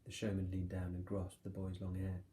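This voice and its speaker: A male teacher reading a children's novel aloud with steady, expressive storytelling. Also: deep voice, moderate pace, a little hiss or hum. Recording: echoey room.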